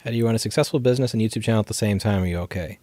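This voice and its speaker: This livestream host has a warm, lowish voice and rapid-fire delivery, with no echo on the audio. Running a casual live Q&A from his repair shop, he's animated, curses freely and laughs a lot.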